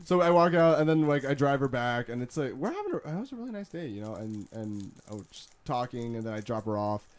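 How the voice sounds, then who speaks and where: A man's voice: medium pitch, animated, quick pace, few pauses, crowd noise. A young man telling a story in casual chat, rambling with many restarts and fillers and laughing often. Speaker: podcast host.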